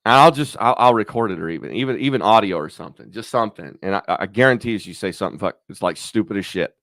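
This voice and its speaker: A man's voice: on the low side, expressive, quick pace, a bit bright, dry recording, clean studio sound. A man hosting his own channel, thinking aloud in a rambling, profane, casual chat. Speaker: YouTube channel host.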